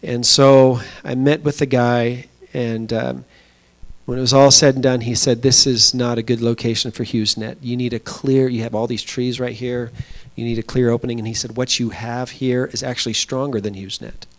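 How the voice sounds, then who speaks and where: A man's voice: mid-range voice, little pitch movement. Man preaching in an easy storytelling way. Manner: storytelling, conversational with pauses and fillers. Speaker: pastor. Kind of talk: sermon. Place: small church.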